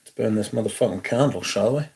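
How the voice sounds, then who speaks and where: A man's voice: lowish voice, quick pace, creaky, noisy background. A man hosting a livestream, reading viewer comments aloud in a sardonic, sweary casual chat.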